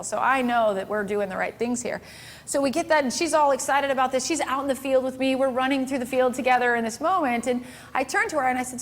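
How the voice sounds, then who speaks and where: A woman speaks to an audience, telling stories from her work as a photographer. Her voice sits a bit high, and she acts out the other people's lines with animation and laughs easily. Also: brisk, slight background noise. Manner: lively, laughs often, acts out dialogue. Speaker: photographer giving a talk. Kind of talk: storytelling presentation to an audience.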